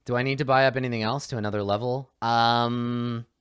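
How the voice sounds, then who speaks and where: A man casually talking through tabletop character creation, excitable, laughing and swearing freely. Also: mid-range voice, brisk, smooth, no echo, studio quality. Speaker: tabletop game player.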